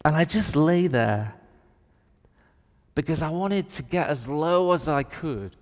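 A man in his thirties with a Northern English accent, preaching a lively sermon and telling stories with playful put-on voices. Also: a little high, takes it slowly, in a large hall. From north of England.

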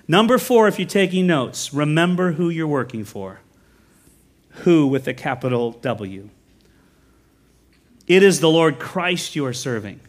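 Animated pastor preaching, fairly high voice. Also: male voice. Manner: animated storytelling, quick asides and self-corrections. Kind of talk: sermon. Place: church.

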